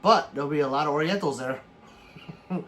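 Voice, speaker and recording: A man's voice: fairly high pitch, fast, slight background noise. A man hosting a casual late-night livestream, reading chat messages aloud and joking back with bursts of laughter. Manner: animated, bursts into laughs and shouts.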